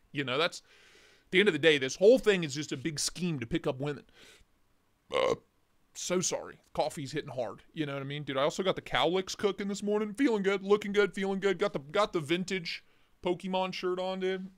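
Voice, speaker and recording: A man's voice: high-pitched, fairly quick. A man hosting a casual morning livestream. He greets viewers by name, jokes and rambles. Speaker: livestream host.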